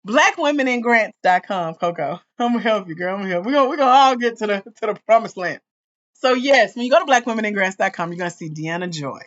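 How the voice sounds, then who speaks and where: Excitable woman chatting on a livestream. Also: medium pitch, quick pace, muffled recording. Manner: excitable, chatty, talks to viewers directly. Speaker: livestream host and grants coach. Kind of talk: casual livestream chat.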